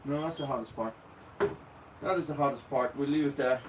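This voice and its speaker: A man's voice: mid-range voice, a little fast, noisy background. An Irish man chatting casually on a live stream, greeting viewers by name from a small cabin with a wood stove. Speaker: livestream host.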